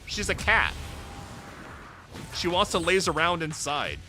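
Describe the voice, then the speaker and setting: Lively high-voiced man streaming, bright tone. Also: measured pace, faint music behind. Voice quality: profane, mock-exasperated, yelling at characters. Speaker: VTuber streamer. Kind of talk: casual game reaction stream.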